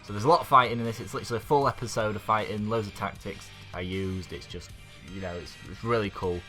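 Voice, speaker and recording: A man with a fairly low but bright, sharp voice talks through an episode recap in a loose, rambling way. He leans on fillers and restarts. Soft guitar music plays faintly underneath. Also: steady tone, quick pace. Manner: rambling, filler-heavy, chuckles often. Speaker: YouTube anime reviewer.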